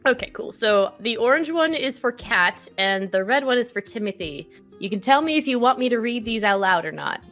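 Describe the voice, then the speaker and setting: Woman, tabletop player, high voice, giggly, self-interrupting. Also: lively intonation, fairly quick, hardly any pauses, fairly bright tone, faint music behind. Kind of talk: casual tabletop play.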